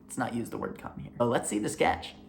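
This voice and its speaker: A man hosting a comedy video, giving deadpan, sardonic commentary. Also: mid-range voice, quick pace, vocal fry, background noise.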